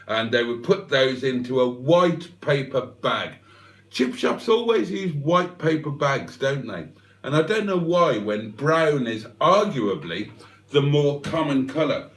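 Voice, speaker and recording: Slow, lively-pitched man. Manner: deadpan, digressive, mock-serious. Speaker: livestream host. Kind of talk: rambling comic monologue. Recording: echoey room, mic at a distance.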